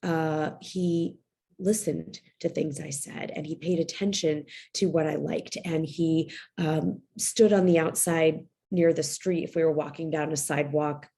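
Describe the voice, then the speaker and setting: Woman in her forties, writing coach, candid and effusive, husky, mellow tone. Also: sits low, steady tone, measured pace. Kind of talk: motivational talk to writers.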